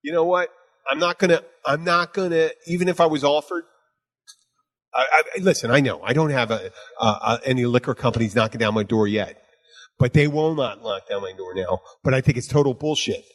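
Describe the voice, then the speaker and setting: A man chatting casually as co-host, animated and ranting, swearing freely. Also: medium pitch, fairly quick. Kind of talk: casual chat.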